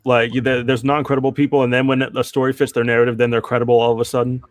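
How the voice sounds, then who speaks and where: A man's voice: medium pitch, little pitch movement, very fast, dry recording, studio quality. A man co-hosting a commentary chat, blunt and swearing, often chiming in to agree.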